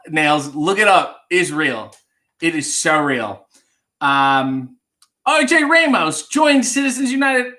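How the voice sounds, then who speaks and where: A man's voice: a little high, bright, forceful tone. A young man hosting a casual livestream, reading viewer requests and singing Christmas songs between loose, joking chat. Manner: sings Christmas songs, then chats loosely with swearing and asides.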